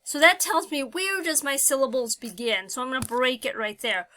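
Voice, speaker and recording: A woman's voice: high voice, moderate pace, pushed and bright, a little hiss or hum. A woman teaching a phonics lesson, talking patiently and thinking aloud with many fillers.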